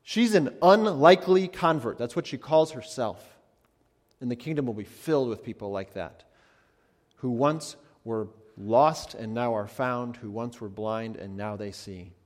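A man, a pastor, preaching a sermon, swinging between emphatic lines and hushed ones. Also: medium pitch, measured pace. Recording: long hall reverb.

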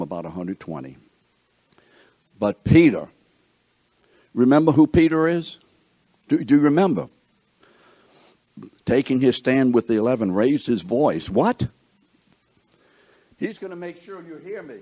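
A man leads a Bible lesson, firing questions at his listeners. His husky voice swings widely in pitch. The sound is close and dry. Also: unhurried, pauses often, dry recording. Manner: animated, asks the class questions. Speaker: Bible teacher.

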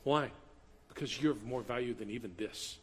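A man preaching a sermon as pastor, animated, moving from loud emphatic passages to quiet asides. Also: medium pitch, normal speed, breathy edge. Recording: long hall reverb.

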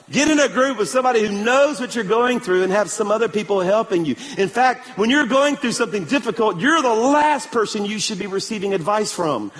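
A male pastor preaching a sermon in a church, telling stories with animated energy and calling for amens. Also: high voice, big-room sound. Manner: animated storytelling, calls for amen.

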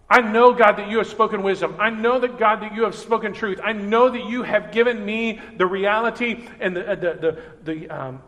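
A man preaching a sermon as pastor, earnest and animated, acting out everyday voices. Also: high-pitched. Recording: reverberant hall.

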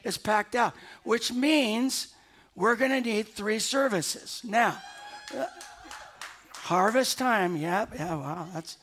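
A pastor preaching a sermon, telling a personal story in an animated way and chuckling at himself as he goes. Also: sits high, slow, slight background noise. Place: church sanctuary.

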